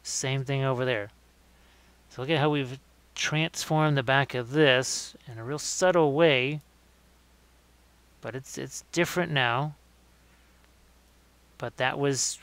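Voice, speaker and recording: A man demonstrates miniature painting on a live stream, relaxed and thinking aloud as he works, often correcting himself mid-sentence. He speaks slowly with frequent pauses in a medium-pitched, clean-toned voice, with no echo.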